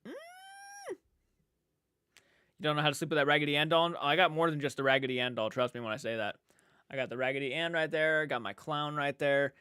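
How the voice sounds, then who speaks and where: A man's voice: on the high side, quick pace, pauses often, sharp tone, smooth, no echo. A young man hosting a casual late-night livestream, reading chat aloud in a sleepy, yawning, rambling way with restarts. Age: young adult.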